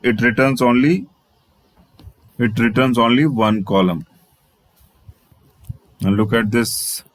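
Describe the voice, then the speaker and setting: Male tutor, tutorial delivery, mid pitch, dry and close, restates every step. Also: no room sound, low-quality recording. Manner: repetitive, restates phrases, spells out letters. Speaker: programming instructor. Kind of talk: screen-share coding tutorial.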